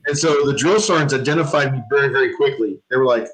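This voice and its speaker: A man's voice: medium pitch, quick pace, rough recording. A man telling a casual story on a podcast, acting out the voices of the people in it. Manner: animated, acts out voices in anecdotes.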